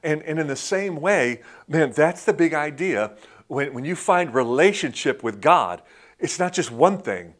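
A man preaching a sermon in a conversational way, often dropping into soft, intimate tones and saying "man". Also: fairly high pitch, lively intonation, unhurried. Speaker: pastor.

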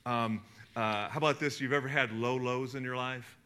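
A middle-aged man preaching a sermon as a pastor, conversational and animated, reading scripture aloud between asides. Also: mid-range voice, normal speed, clear, resonant tone.

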